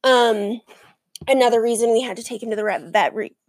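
A young adult woman hosting a podcast, chatting and ranting in a lively, animated way. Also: a little high, brisk, no room sound. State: out of breath. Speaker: podcast host. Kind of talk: casual chat.

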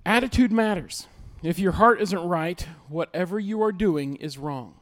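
A man's voice: high voice, unhurried, a bit bright. A man preaching a sermon as pastor, emphatic, repeating key lines and acting out little everyday scenes.

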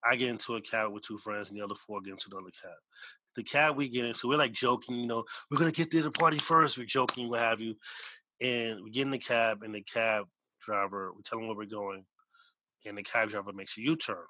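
A man's voice: on the low side, fairly even intonation, brisk, sharp tone, no echo, poor audio. A man telling a personal story in an emphatic, repetitive way, often correcting himself. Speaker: storyteller recounting a personal experience.

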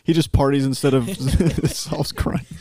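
A man's voice: mid-range voice, fairly even intonation, measured pace, warm tone, slight background noise. A man guest co-hosting a podcast in casual chat, goofy and full of jokey interjections. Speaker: guest co-host, band member.

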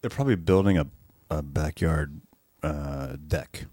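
Man, very low voice, sarcastic, dry delivery, casual chat co-host, dead-dry recording. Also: a little slow, dark tone, no room sound. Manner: sarcastic, dry, swears, trails off mid-sentence.

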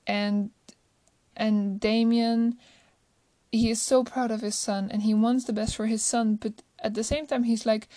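A woman's voice: a little high, level tone, measured pace, warm tone, dry recording. A woman chatting casually about a movie she loves, gushing and rambling, often restarting her sentences. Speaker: movie reviewer. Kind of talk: casual chat.

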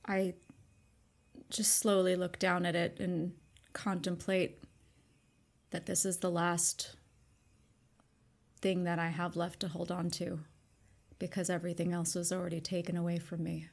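A woman plays in a tabletop game and speaks thoughtfully in character. Her voice is at a middle pitch and has a gravelly fry. She explains her character's choices. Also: flat delivery, measured pace, long pauses. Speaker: player. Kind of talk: tabletop role-play.

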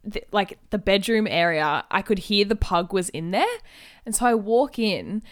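Young woman, podcast co-host, animated giggly storyteller, mid-pitched voice. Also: normal speed. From Australia. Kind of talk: casual chat storytelling.

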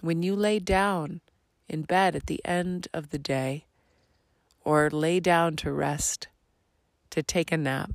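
A woman hosting her own podcast, talking in a slow, earnest, reflective monologue that drifts into soft half-whispers. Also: low voice, steady tone, gravelly, no room sound, studio quality. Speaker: podcast host.

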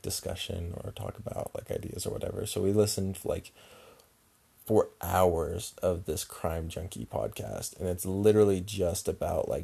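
A man's voice: low-pitched, creaky, mellow, slightly rough. A young man telling a long road-trip story in a rambling, casual way, with constant filler words and frequent swearing.

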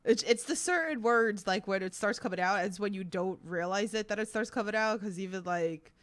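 A woman's voice: mid-range voice, fairly quick, a bit bright. A woman from Queens with a New York accent, hosting a casual interview chat and laughing often. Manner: chatty, laughs often, gushing. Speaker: podcast host.

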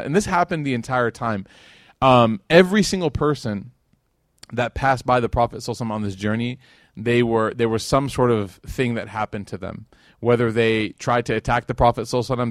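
A man delivers a relaxed religious lecture at a brisk clip, keeping it conversational. He leans on "like" and "right?" and slips into the voices of the people in his stories. The sound is dry and close, with no room around it. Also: medium pitch, dry recording. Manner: conversational, acts out quotes, many "like" and "right?". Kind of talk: casual religious lecture with storytelling.

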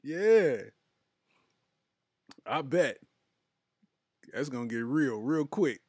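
Slow slangy young man, laughing. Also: mid-range voice, lively intonation, a little mellow, dry recording, studio quality. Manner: laughs often, slangy and loose, trails off with "man" and "boy". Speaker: podcast host reading live chat. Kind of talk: casual comedic chat.

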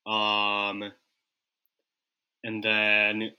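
A man with a very bright, forceful voice plays his turns in a comedic tabletop game. He talks very slowly and deliberately, with a low pitch and a joking tone. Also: monotone, smooth. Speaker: player.

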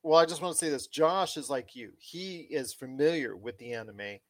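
A man co-hosting a casual pop-culture podcast, talking with animated, enthusiastic swings in his voice. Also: medium pitch, a little fast. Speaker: podcast co-host.

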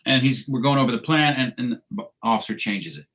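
A man's voice: mid-range voice, lively intonation, fairly quick, fairly bright tone. A man, a military veteran, telling a combat story in a blunt, casual, profane way with wry laughs.

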